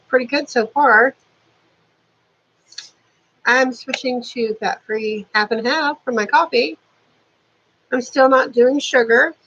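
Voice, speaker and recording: A woman's voice: fairly high pitch, fairly bright tone, lo-fi sound. A woman in her fifties chatting casually to camera at home, dropping dry sarcastic asides. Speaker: beauty vlogger. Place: warm apartment at home.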